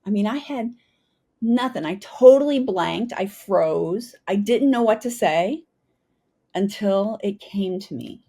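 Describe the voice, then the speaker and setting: A woman's voice: mid-range voice, animated, takes it slowly, warm tone, breathy edge. A middle-aged woman from the United States, a retired Army pilot, telling her story as a guest and often asking "right?". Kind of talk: storytelling interview.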